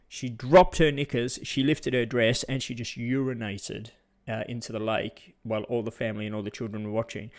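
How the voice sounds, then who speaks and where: A man with an Australian accent, a travel YouTuber chatting casually with viewers in an indignant, ranting way, often restarting his sentences. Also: medium pitch. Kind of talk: casual live chat.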